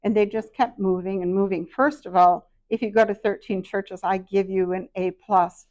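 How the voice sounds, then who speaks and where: A woman's voice: medium pitch, steady tone, normal speed, a little mellow, muffled recording. A middle-aged woman giving a workshop talk, telling personal stories in a self-deprecating, anecdotal way. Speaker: workshop speaker.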